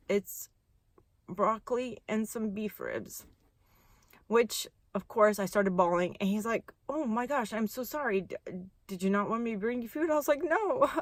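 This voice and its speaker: A woman's voice: on the high side, dry recording. A woman in her thirties telling a heartfelt faith story in a casual, rambling vlog. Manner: earnest, heartfelt, rambling with restarts. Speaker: vlogger sharing a faith testimony.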